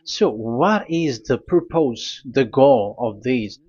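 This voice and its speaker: Man, preacher, sermon, halting phrases, forceful emphatic bursts, muffled low-fidelity sound. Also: expressive, breathy edge. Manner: deliberate, halting delivery with sudden emphatic loud bursts.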